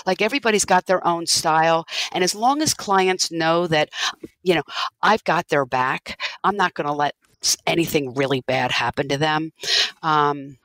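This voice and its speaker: A woman's voice: deep voice, normal speed, a bit bright, no echo, poor audio. A woman business owner telling her story in an interview, earnest and reflective, often restarting her sentences.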